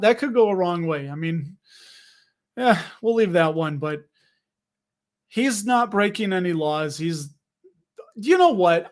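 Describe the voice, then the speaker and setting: Chatty high-voiced man hosting a livestream. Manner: chatty, rambling, jokey, with frequent fillers and self-interruptions. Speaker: livestream host reading viewer comments. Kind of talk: casual livestream chat about dividend investing.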